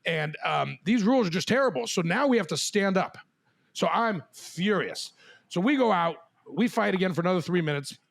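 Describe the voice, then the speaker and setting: A man hosting a podcast, animated and laughing as he tells a long story among friends. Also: high-pitched, normal speed, creaky. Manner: animated, swears, laughs while telling stories. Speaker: podcast host. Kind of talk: storytelling in casual chat.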